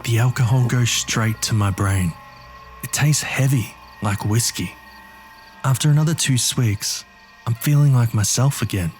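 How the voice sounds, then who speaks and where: A man's voice: mid-range voice, a little slow, soft background music. A man narrating a horror story in the first person with a gritty, streetwise delivery.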